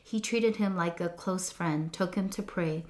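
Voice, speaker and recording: A woman giving a scripted devotional reflection in an earnest, measured, reflective way. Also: lowish voice, darkish tone. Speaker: devotional speaker.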